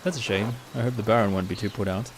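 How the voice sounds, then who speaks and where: A man's voice: on the low side, fast, close to an everyday voice. A man voicing a courteous adult male traveler, who asks questions in a mild, polite way as he reads game dialogue aloud. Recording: steady rain noise behind.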